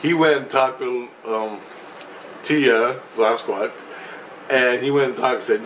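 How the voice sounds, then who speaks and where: A man telling a rambling, profane story in a casual vlog, getting excitable as he goes. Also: medium pitch, takes it slowly, slight background noise, poor audio. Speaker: vlogger.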